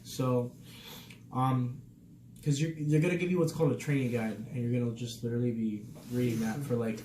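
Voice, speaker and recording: A young man hosts his vlog in a casual, chatty way, easygoing at first and then lively and animated. His voice sits at an ordinary pitch and bounces around an echoey room. Steady background noise runs underneath. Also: a little fast. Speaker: vlog host, Navy sailor. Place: military barracks room.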